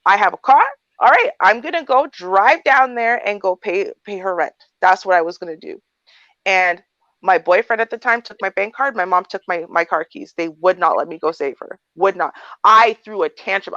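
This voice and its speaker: A woman's voice: mid-range voice, fairly bright tone, dry recording. Woman, 30s, livestream advice host; blunt, candid storyteller, dry lo-fi sound. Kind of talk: casual storytelling chat.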